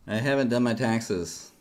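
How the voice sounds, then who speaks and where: Chatty man livestreaming to viewers. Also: mid-range voice. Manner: rambling and chatty, talks straight to viewers; self-deprecating, jokey. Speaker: livestreaming futures trader. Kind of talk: casual livestream chat.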